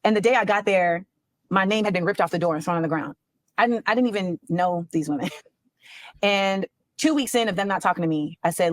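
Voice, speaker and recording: A woman's voice: lowish voice, a little fast. A woman speaking as a guest in an interview clip, candid and emphatic.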